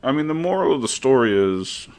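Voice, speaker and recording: A man's voice: medium pitch, very animated, brisk, a little mellow, clear, resonant tone. A man co-hosting a podcast in a laid-back way, mostly giving short agreeing replies. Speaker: podcast co-host. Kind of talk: casual podcast chat.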